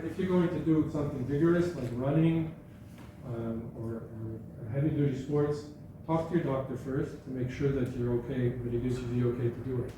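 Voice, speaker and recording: A man's voice: mid-range voice, mellow. Man speaking in an echoey hall. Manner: conversational, self-correcting, anecdotal. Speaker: guest speaker. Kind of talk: informal talk to an audience. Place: hall at a school gathering. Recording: echoey room, speaker far from mic, faint background noise.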